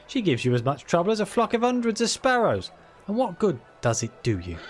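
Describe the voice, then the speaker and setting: Man doing a boastful one-eyed trader in a raised Cockney voice, lively and swaggering, faint music behind. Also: a little high, pitched above the performer's own voice. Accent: put-on Cockney. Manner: swaggering, gossipy sales patter. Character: shady one-eyed male merchant, greedy and boastful.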